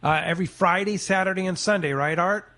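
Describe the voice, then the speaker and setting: A man's voice: high-pitched, brisk, pushed and bright. A man hosting a fishing radio show, upbeat, asking guests questions and announcing trips. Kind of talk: casual radio chat.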